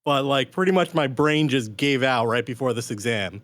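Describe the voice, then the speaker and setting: A man's voice: mid-range voice, expressive, moderate pace, fairly bright tone, no room sound. Filler-heavy young man on a podcast. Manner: filler-heavy, self-deprecating. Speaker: podcast co-host. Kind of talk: casual storytelling.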